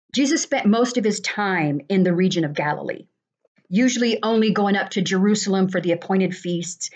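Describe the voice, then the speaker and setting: A woman leading a Bible study, reading passages aloud and explaining them in a steady way. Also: medium pitch. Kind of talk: explanatory teaching. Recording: dull lo-fi recording.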